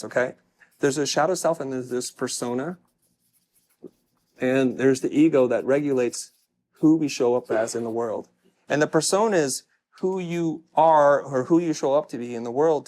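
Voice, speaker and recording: A man's voice: medium pitch, a little mellow. Candid man giving a stage talk. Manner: candid, self-deprecating storytelling. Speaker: personal branding speaker. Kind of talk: stage talk to a live audience.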